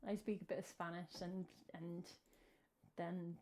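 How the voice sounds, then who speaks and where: A woman's voice: fairly low pitch, level tone, a little slow, a little mellow, a little hiss or hum. A young woman, chatting casually with her live stream's chat, giggly and trailing off as she talks. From England. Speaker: streamer and singer-songwriter.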